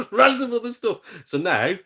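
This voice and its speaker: A man's voice: very high voice, big pitch swings, measured pace, pushed and bright. A man hosting a casual live game stream, chatty and self-mocking, reading out viewers' messages. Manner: chatty, jokey and self-mocking, with mild swearing. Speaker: gaming streamer.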